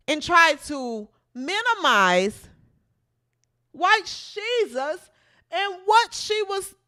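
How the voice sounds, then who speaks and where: A woman's voice: extremely high pitch, sharp tone. A woman hosting a comedic sports podcast, sassy and emphatic, calling people out directly. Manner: sassy, emphatic, talks straight at the person she criticizes. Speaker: podcast host.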